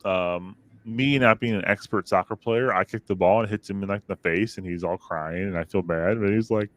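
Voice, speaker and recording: A man in his thirties chats casually from his basement home office, rambling through family stories and jumping up in pitch when he acts out what people said. His voice sits fairly low and sounds close and dry on the mic, with no room around it. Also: normal speed, no echo. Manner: rambling, animated storytelling with acted-out quotes. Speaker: podcast co-host. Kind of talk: casual chat. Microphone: studio microphone.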